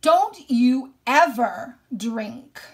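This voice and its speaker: Woman voicing a frantic mother, slow loud pleading, mid pitch. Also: steady tone, gravelly.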